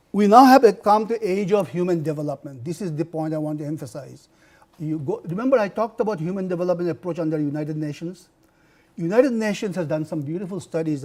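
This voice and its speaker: An older man from India giving a university lecture on health, telling personal stories in an animated way, with many restarts. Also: on the high side. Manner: animated storytelling with frequent laughs and restarts.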